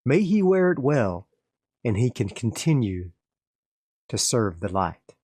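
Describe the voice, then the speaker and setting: A man's voice: medium pitch, very animated, takes it slowly, warm tone, slightly rough, no echo, studio quality, exaggerated voice. A man voicing a formal, ceremonious woman who leads a religious order.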